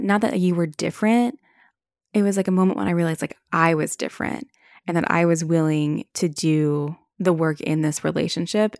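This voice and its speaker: This podcast host is a young woman whose fairly low voice carries vocal fry and a slightly mellow quality. The recording is dry, with clean studio sound. Talking frankly in a relaxed monologue, she curses openly and peppers her lines with "like."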